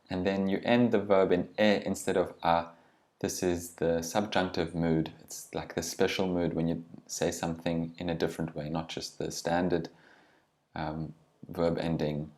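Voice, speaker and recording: Slow, low-voiced male language teacher. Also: darkish tone. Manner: deliberate, pronounces each word then glosses it. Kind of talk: language lesson.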